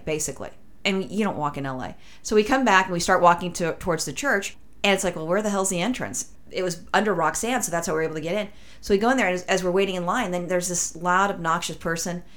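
In a relaxed podcast conversation, a woman with a somewhat low voice spins a long, winding anecdote. She links her thoughts with "and then" and "like," and she animatedly acts out quick impressions of the people she's describing.

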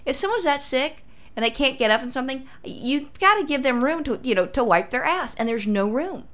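A woman's voice: fairly high pitch, fairly bright tone. A woman from Los Angeles telling a crude story in casual chat, swearing freely as a podcast host.

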